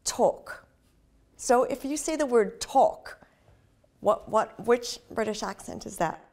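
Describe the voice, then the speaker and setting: Woman from canada, singer in an interview, bubbly chat, kinda gravelly, faint music behind. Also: on the high side, expressive, moderate pace, darkish tone. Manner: upbeat, chatty, with frequent "you know".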